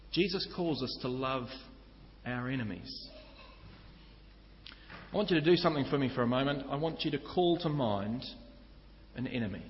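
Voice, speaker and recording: A man's voice: mid-range voice, moderate pace, pauses often, slight background noise. A man preaching a sermon, earnestly teaching and speaking directly to his listeners. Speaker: pastor. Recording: echoey hall, slightly dull sound.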